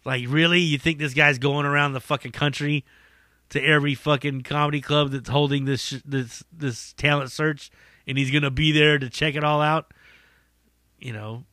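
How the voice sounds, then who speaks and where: A man's voice: fairly high pitch, steady tone, normal speed, pushed and bright, no echo, clean studio sound. A man, a stand-up comic hosting a podcast, telling rambling stories in casual chat, swearing freely and laughing at his own jokes. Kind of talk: casual storytelling monologue.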